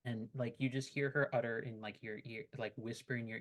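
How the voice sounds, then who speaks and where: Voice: mid-range voice, fairly even intonation, fairly quick, few pauses. A game master narrating a tabletop role-playing game in a chatty, teasing way with many fillers.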